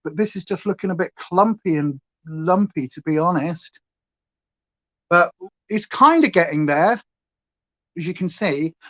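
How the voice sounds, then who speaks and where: A livestream host with a Northern English accent chats casually while doing her makeup, rambling from one tangent to the next. Her medium-pitched voice is expressive and a little slow, with long pauses. The recording is a little dull and lo-fi.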